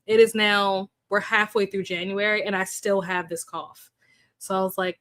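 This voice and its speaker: A young woman hosting a relaxed livestream, chatting casually, greeting viewers by name and laughing often. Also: mid-range voice, moderate pace, no room sound, clean studio sound. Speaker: livestream host. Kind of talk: casual chat with live chat readers.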